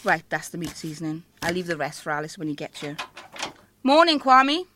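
A woman's voice: sits low, sing-song, a little fast, music in the background. An actress playing a middle-aged cafe owner, forthright and motherly.

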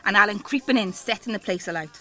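A woman doing a middle-aged cafe owner, fast, bright tone, motherly. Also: medium pitch, faint music behind, natural voice. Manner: forthright, motherly.

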